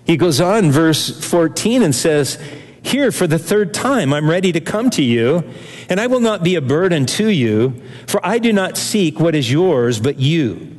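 An older male pastor preaching a sermon to his congregation. His voice sits somewhat high and carries an earnest, animated energy, broken by fillers and restarts. The sound rings with the long reverb of a large hall. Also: unhurried.

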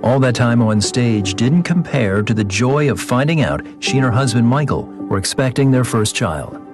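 A man presenting a feature in polished, measured scripted narration. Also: mid-range voice, animated. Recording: music bed underneath.

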